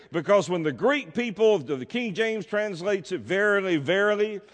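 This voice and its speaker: A man preaching a sermon as pastor, emphatic, drawing out his key words. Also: sits high. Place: church sanctuary. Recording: long reverb of a church hall.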